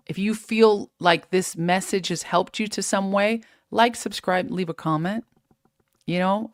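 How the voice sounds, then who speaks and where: A woman hosting a live fitness stream, giving energetic, preachy, faith-based motivation and reading out viewer comments. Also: on the low side, dry recording, clean studio sound. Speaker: host of a live fitness show.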